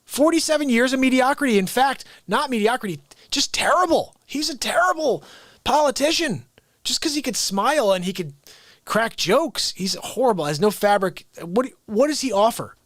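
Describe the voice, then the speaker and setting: A man's voice: very high-pitched, lively intonation, normal speed, a bit bright, dry recording. A man hosting his daily live stream, ranting casually and talking straight to his viewers. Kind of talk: unscripted live-stream chat.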